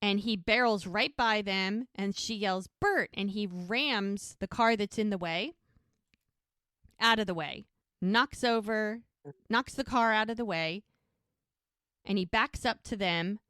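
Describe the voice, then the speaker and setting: Animated woman recapping a show. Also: mid-range voice, unhurried, smooth, no room sound, clean studio sound. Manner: animated retelling, acting out lines of the characters. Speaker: podcast co-host recapping a TV show. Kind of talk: casual recap storytelling.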